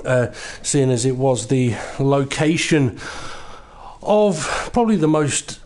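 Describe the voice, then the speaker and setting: A man hosting and commentating a sim racing broadcast, setting the scene in an unhurried, explanatory way. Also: mid-range voice, animated, darkish tone. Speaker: lead commentator.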